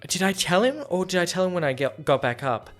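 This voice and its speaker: Young male podcast host, slightly high voice, rambling self-deprecating storyteller, faint music underneath. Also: very animated, fairly quick, a bit bright. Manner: rambling, self-deprecating, acts out both sides of conversations. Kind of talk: casual storytelling chat.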